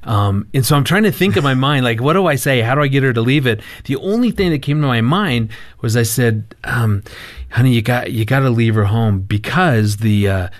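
A man appearing as a guest on a talk show about marriage and telling a family anecdote in an animated way, laughing often and acting out what he said. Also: medium pitch, moderate pace, no room sound, studio quality. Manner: animated storyteller, laughs often, quotes himself.

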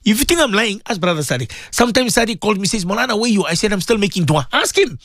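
A man with a high voice leads fervent prayer on live radio, pleading and emotional, his words sometimes breaking into shouts. The sound is close and dry, with no room around it. He speaks as a maulana talking straight to his listeners. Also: sing-song, fast, no echo. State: tearful at times.

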